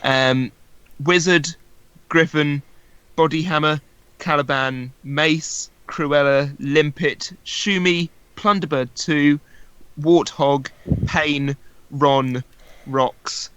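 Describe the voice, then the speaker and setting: Guy on a quiz call, bright kinda high voice, dry jokes. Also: steady tone, drawn-out words, clean tone, dry recording, rough recording. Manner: dry, joking asides. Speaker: quiz contestant. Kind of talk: casual chat on a video call.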